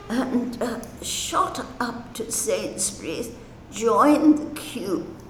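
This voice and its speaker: Slow-speaking elderly woman recalling memories. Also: fairly high pitch, slight background noise. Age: older. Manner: gentle, reminiscent, slow with fillers and soft laughs. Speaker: retired wartime nurse. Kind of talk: personal storytelling. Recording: roomy echo with faint ambience.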